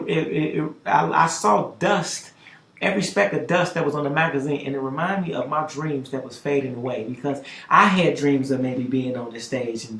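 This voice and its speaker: Animated male storyteller in an echoey room. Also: gravelly. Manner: lively storyteller, swings loud and high for dramatic moments. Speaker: podcast host telling a story.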